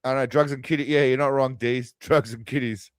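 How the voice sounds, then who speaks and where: A man's voice: medium pitch, steady tone, fairly quick, no room sound. A man hosting a crude, mocking movie commentary, tossing out quiz-style asides. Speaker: host. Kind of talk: sarcastic movie riffing commentary.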